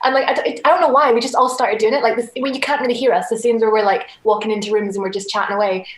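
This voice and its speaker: Soft Scottish woman in an echoey room. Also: on the high side, steady tone, rapid-fire. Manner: rambling, lots of "like", soft-spoken. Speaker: actress, interview guest. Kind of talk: casual video-call interview. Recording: echoey room on a video call.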